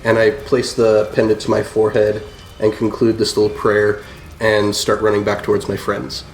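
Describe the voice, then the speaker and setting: A man playing a tabletop game, calmly calling out his rolls and describing his moves. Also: lowish voice, normal speed, faint music behind. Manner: relaxed, matter-of-fact about rolls. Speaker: player. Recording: roomy echo.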